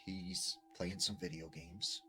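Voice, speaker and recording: A man retelling a creepy story in a casual way, with lots of fillers and dramatic pauses. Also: low-pitched, level tone, sharp tone, faint music behind. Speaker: storyteller in a TikTok clip.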